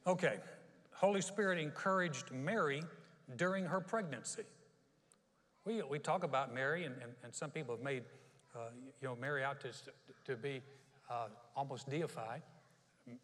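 A man's voice: mid-range voice, fairly bright tone, big-room sound. A man pastor preaching a sermon in a church, telling stories in a folksy way and acting out quotes. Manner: folksy storytelling with acted-out quotes.

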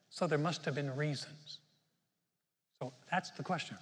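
A man preaching a sermon in an animated way, acting out prayers and quotes as he goes. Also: on the high side, a little fast. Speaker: pastor. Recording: long church reverb.

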